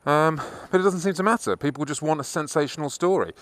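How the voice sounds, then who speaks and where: A man's voice: on the high side, fast talker, few pauses. A man vlogging from inside a car, casually telling a long story and swearing freely. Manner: swears freely, rambling anecdote.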